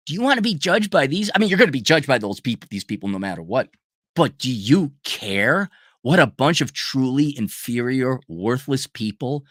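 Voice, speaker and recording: A middle-aged man ranting in a profane, mocking monologue, often mimicking people in a high falsetto. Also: a bit bright, no echo, clean studio sound. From United States. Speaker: channel host.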